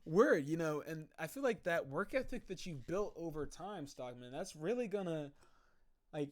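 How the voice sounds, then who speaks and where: A man's voice: a little high, expressive, moderate pace. A young man streaming live, chatting casually and reading viewer messages, rambling and reflective with many fillers.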